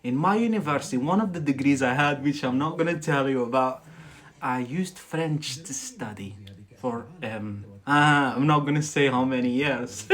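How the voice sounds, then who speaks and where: A man's voice: mid-range voice, fairly bright tone. A man from Algeria with an Algerian accent, teaching English on a casual livestream, chatty and checking in with "yeah?" as he goes. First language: Algerian Arabic. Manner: slow, chatty, often laughs, checks with "yeah?". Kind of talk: casual livestream lesson with chat.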